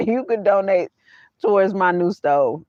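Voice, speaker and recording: Woman vlogger, unhurried, repeats herself, dull lo-fi dry sound, chatting to livestream viewers from her van. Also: medium pitch, animated, dry recording. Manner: repeats her phrases, laughs often, talks straight to chat. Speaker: vanlife vlogger hosting a livestream. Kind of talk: casual livestream chat with viewers.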